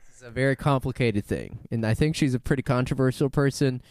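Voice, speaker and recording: A man's voice: medium pitch, fast, no room sound, clean studio sound. A man co-hosting a podcast, casually telling a story, laughing often and correcting himself as he goes. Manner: laughs often, animated, rambling with self-corrections. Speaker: podcast co-host.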